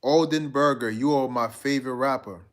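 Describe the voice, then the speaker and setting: A man's voice: medium pitch, fairly quick. A man hosting a live stream, chatting casually and reading out viewer comments in a laid-back, slangy way. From United States.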